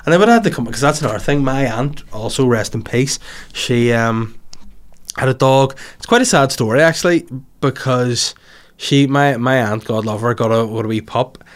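A man's voice: medium pitch, moderate pace. A young man with a Northern Irish accent, hosting a podcast and telling a rambling, crude story in casual chat. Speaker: podcast host.

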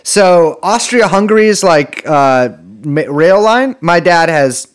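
A podcast co-host chatting casually with a sardonic, rambling manner and frequent laughter. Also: male voice, fairly high pitch, animated, takes it slowly, smooth. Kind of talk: casual chat.

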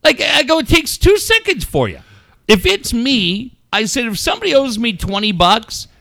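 A high-pitched, bright middle-aged man tells a story on a podcast in a profane, animated rant. His voice swings hard between low grumbles and near-yells. The sound is close and dry. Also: normal speed, creaky, no room sound. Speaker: podcast host. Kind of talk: casual podcast chat.

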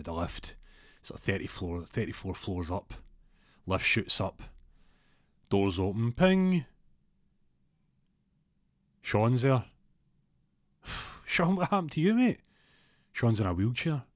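Casting: Scottish storyteller, animated, rambling, low voice. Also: male voice, no room sound, clean studio sound. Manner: rambling, animated, acts out characters. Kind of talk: casual comic storytelling.

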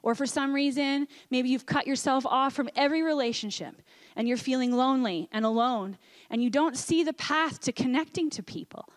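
A woman pastor delivering a sermon, earnest, dropping to a soft hush on quoted lines. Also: sits high, moderate pace.

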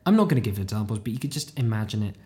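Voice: lively intonation, very fast, warm tone. Rambling self-deprecating podcast host. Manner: rambling, self-deprecating, jumps into squeaky high voices for inner thoughts. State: getting tired late at night. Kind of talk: casual solo monologue.

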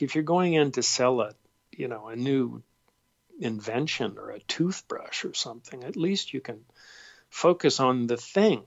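A man, a guest actor, telling stories in an interview, warm and self-deprecating, halting with fillers. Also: medium pitch, no echo, dull audio. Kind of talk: interview, storytelling.

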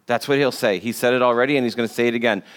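A man's voice: medium pitch, steady tone, racing, clear, resonant tone. A man preaching a sermon to a congregation. He talks in a conversational way, jokes with the listeners and repeats words for emphasis. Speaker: pastor.

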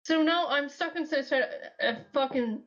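A woman's voice: high-pitched, unhurried, a bit bright, dull audio. A woman guest chatting casually on a podcast, rambling and swearing freely as she answers questions. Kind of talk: casual chat.

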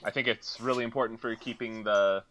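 A man's voice: on the low side, steady tone, brisk, noisy background. A man from Alberta, Canada, a podcast guest chatting casually and swearing freely, laughing often over a remote call. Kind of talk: casual chat.

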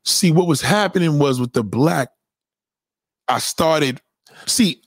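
A man hosting a casual livestream rant, profane and animated, often putting on the voices of the people he quotes. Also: a little high, slow, no echo, clean studio sound. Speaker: live stream host.

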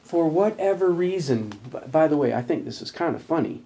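A man's voice: on the high side, expressive, a little fast, warm tone. A man preaching a sermon, explaining scripture with earnest emphasis and reading verses aloud. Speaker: pastor.

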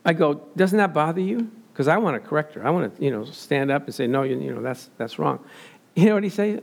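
A man's voice: on the high side, expressive, fast, vocal fry. An older man preaching a sermon in a conversational way, telling everyday stories and acting out what people said. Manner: conversational storytelling, acts out quotes.

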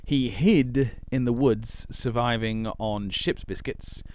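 A man's voice: medium pitch, slow pace, darkish tone, slight background noise. A man co-hosting a podcast, chatting playfully with plenty of fillers and restarts. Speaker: podcast co-host. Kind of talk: casual chat.

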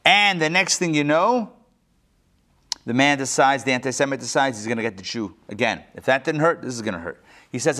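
A man who is a rabbi, teaching a live class and telling jokes with lively, animated voices for the characters. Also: a little fast. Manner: animated storyteller, acts out joke characters with big pitch swings. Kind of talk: live lecture with joke-telling. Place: synagogue classroom, recorded live before an audience.

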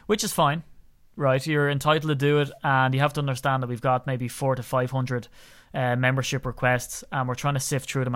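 A man's voice: medium pitch, fairly bright tone. An Irish man hosting a podcast in casual chat, talking in a chatty, ranting way that gets worked up. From Ireland. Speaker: podcast host.

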